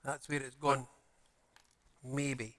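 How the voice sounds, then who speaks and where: A man in casual live-stream chat, half talking to himself as he works on small pieces. His voice sits at an ordinary middle pitch, relaxed and unhurried, with friendly asides to his viewers. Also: background noise. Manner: mutters to himself while fiddling with small parts, chatty aside to viewers. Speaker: live streamer building a model kit. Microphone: streaming mic with adjustable audio settings.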